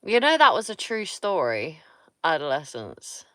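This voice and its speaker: A Somerset woman from England chats casually with viewers on a livestream, blunt, teasing, and swearing freely. Her voice is deep and a bit bright, with wildly swooping pitch and an unhurried pace. The studio recording is clean, with no echo.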